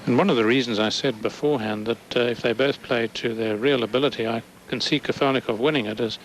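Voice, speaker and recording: Male color commentator, unhurried and analytical, light background noise. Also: mid-range voice, fairly even intonation, poor audio. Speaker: tennis analyst. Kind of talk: sports commentary.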